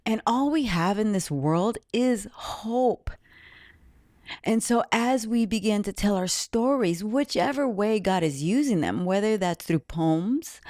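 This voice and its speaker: A woman's voice: mid-range voice, a little mellow, dry recording, studio quality. A woman podcast host giving an earnest, reflective, faith-based talk about her own life.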